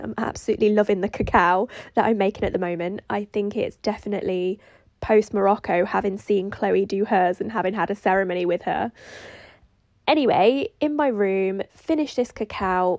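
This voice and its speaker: A woman's voice: medium pitch, darkish tone, no room sound. A woman hosting a solo podcast, telling a personal story in a reflective, rambling way that includes her own inner dialogue. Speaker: podcast host.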